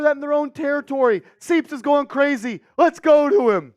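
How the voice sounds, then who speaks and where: A man hosting live game updates, with measured recaps that burst into shouting at big plays. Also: extremely high pitch, dry recording. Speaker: host. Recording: dull lo-fi dry stream audio.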